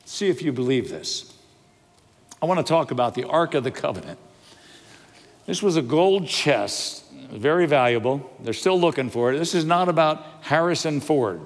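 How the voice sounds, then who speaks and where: An older man preaching a sermon as pastor, lively and humorous, asking the congregation questions and telling stories. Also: on the high side, moderate pace. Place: church sanctuary. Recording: long reverb of a large hall.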